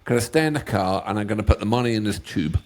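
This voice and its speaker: A man's voice: lowish voice, animated, fast talker, a little mellow. A middle-aged man chatting casually as co-host, rambling and stumbling over his words with a joking manner. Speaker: co-host of a music reaction channel. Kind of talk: casual chat.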